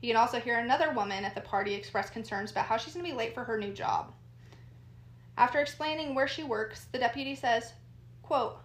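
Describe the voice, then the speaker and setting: A woman co-hosting a true crime chat, steadily recounting the details of a case and reading out quotes. Her voice is a little high. The room around her sounds echoey. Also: brisk. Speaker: podcast co-host.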